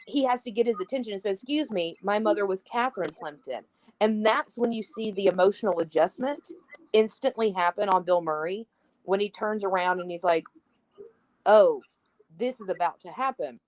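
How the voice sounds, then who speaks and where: A woman's voice: medium pitch, moderate pace, no room sound, low-quality recording. A woman chatting casually about a film on a podcast, acting out the characters' lines as she retells scenes. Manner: animated, acts out quoted lines. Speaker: podcast guest.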